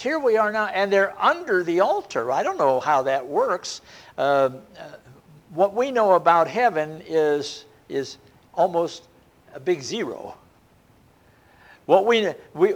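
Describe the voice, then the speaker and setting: Older male preacher, lively rising-and-falling sermon voice. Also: on the high side. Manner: lively, rising and falling delivery with frequent restarts.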